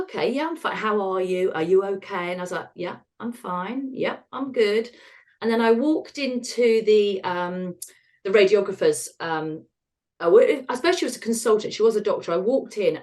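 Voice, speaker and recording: Give me a frank middle-aged British woman recounting her story with wry humor in an interview. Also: medium pitch. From United Kingdom. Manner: frank, wry, acts out dialogue in quotes. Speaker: guest, retired osteopath.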